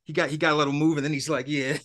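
A man's voice: fairly high pitch, level tone, very fast, a bit bright. A man co-hosting a podcast, recapping old wrestling in a laid-back, rambling way with frequent restarts. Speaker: podcast co-host. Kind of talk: casual wrestling recap chat.

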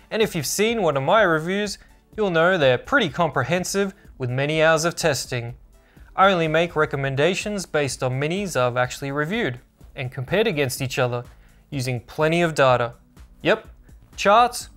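A man's voice: a little high, a bit bright. A man narrating a scripted product review as a tech channel host, upbeat and informative.

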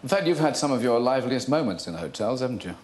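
A man's voice: mid-range voice, very animated, quick pace, a little mellow. A man hosting a talk show, putting short, prompting questions to his guest. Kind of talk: interview questions.

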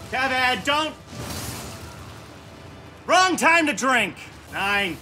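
A man's voice: sits high, sing-song, a little slow, bright, forceful tone, soft background music. A man in his fifties giving profane, exasperated gameplay commentary and scolding the game aloud. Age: 50s. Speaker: gaming channel host.

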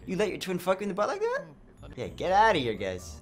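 An excitable young man narrates his gameplay with crude jokes and a wildly swinging voice that jumps from low mutters to sudden high squeals. Faint music plays behind him. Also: brisk. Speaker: gameplay streamer. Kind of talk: comedic let's play commentary.

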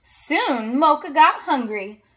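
A woman reading a children's story aloud at home in an expressive way, with little asides to her listeners. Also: high-pitched, slow.

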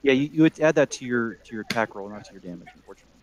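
A man running a tabletop game as game master, narrating the action in a relaxed, chuckling way. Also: mid-range voice, very fast, rough recording.

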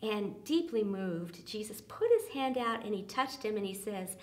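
A woman leading a church small group, speaking earnestly with many fillers and often dropping soft and quiet for emphasis. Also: medium pitch, normal speed, hardly any pauses.

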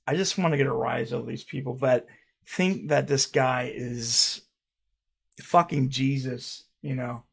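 A man's voice: mid-range voice, gravelly, breathy edge. A man reacting to viewer comments in a casual vlog, talking sarcastically and crudely, with mocking jokes and frequent laughing restarts. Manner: stammering restarts.

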